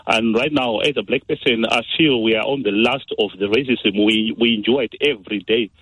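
A man's voice: fairly low pitch, brisk, fairly bright tone, breathy edge, no echo. A nervous, upset man calling into a radio phone-in, hesitant and full of fillers and restarts, his voice shaky. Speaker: caller. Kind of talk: phone-in call. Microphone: phone call. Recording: muffled phone line.

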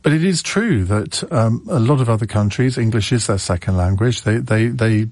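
A man's voice: fairly low pitch, expressive, moderate pace, darkish tone, dry recording. A man hosting a radio phone-in, chatting casually with callers and stumbling over his words with frequent restarts and fillers. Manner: hesitant, many restarts and fillers. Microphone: studio microphone.

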